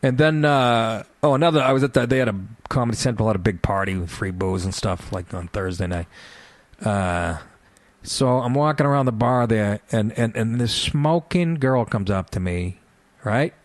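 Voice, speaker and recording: A man's voice: mid-range voice, animated, normal speed, no echo. A middle-aged man telling rambling, profane anecdotes on talk radio, often laughing as he talks. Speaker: radio show talker. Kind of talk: casual storytelling on talk radio.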